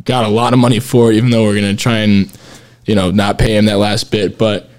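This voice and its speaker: A man's voice: lowish voice, little pitch movement, a little fast, a little mellow. A man hosting a casual podcast chat, rambling and restarting his sentences, laughing often as he runs the segments. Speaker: podcast host.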